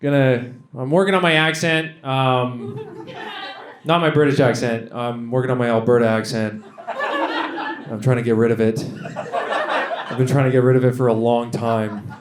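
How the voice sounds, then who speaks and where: A man's voice: medium pitch, sing-song, measured pace, long pauses. A man from Edmonton, Canada, doing a stand-up set on stage, rambling and self-deprecating with lots of fillers. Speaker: stand-up comedian. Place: comedy stage with live audience. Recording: live stage recording, loud noise.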